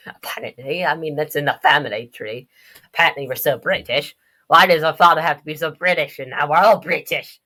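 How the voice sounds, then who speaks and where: A woman's voice: sits low, a little fast, bright, forceful tone. A young woman giving casual, joking commentary on a video game's story. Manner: joking, chatty asides. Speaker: game lore commentator.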